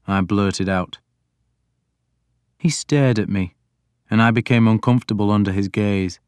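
Man reading an audiobook, slow and even, smooth voice, close dry mic. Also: on the low side, no room sound. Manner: even, deliberate storytelling. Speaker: audiobook narrator. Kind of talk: scripted first-person narration.

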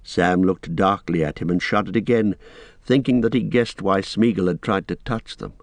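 A man narrating a fantasy audiobook in a measured, steady storytelling manner. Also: low voice, dry recording.

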